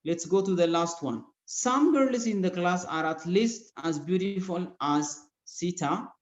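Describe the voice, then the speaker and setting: A male English teacher with an Ethiopian accent giving an online grammar lesson, explaining rules slowly and spelling out letters one by one. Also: high-pitched, animated. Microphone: video call. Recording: dull echoey video-call audio.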